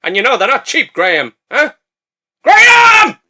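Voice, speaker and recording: A man voicing a gruff, impatient boat captain who shouts and swears at his mate. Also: extremely high pitch, wildly swooping pitch, a little slow, voice pushed up, heavily acted. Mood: ranting. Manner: bellowing, swearing.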